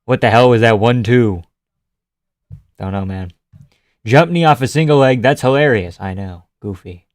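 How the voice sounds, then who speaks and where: A man reacts to fights on a live stream in loose, profane chat and talks back to his viewers as he watches. His voice is smooth and resonant, close on the mic with a dry, dead sound. His pitch sits in an ordinary middle range. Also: moderate pace, pauses often, no room sound. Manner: loose, profane, chatty, greets chat by name. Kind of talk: casual live-stream commentary.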